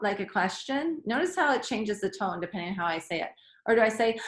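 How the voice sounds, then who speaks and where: Expressive woman teaching a class. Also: mid-range voice, fast. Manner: expressive, acts out sentences in varied tones. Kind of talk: online grammar lesson for children. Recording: echoey room.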